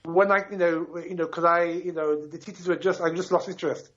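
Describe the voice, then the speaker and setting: A man in his fifties from Ghana phones into a talk show, making his points with emphatic passion and a fairly high voice. He keeps checking in with his listener as he talks. The sound is muffled and narrow, as if coming over a telephone line. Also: level tone, fairly quick, a bit bright. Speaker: caller. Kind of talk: call-in radio talk.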